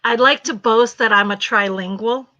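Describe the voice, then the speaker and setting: A woman hosting a casual live chat, telling an animated story, laughing often and searching for words. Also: on the high side, normal speed, no room sound, muffled recording. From refugee from a communist country, raised in the US. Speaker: host.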